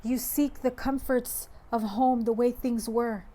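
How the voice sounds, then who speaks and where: A woman giving a tarot reading to camera, earnest and direct, her voice strained and rough from illness, sometimes dropping into low mutters. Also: fairly even intonation, measured pace, dark tone. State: recovering voice, coughing. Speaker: tarot reader.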